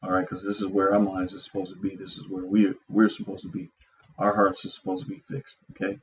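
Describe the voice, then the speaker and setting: A man teaching scripture, reading verses slowly and explaining them in casual asides full of "all right" and "okay". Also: low voice, level tone, dull audio, slight background noise. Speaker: preacher.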